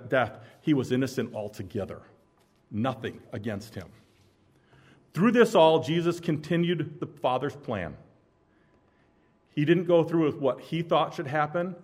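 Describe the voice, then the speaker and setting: A man preaching a sermon, dramatic, swinging between loud emphasis and hushed intensity. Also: mid-range voice.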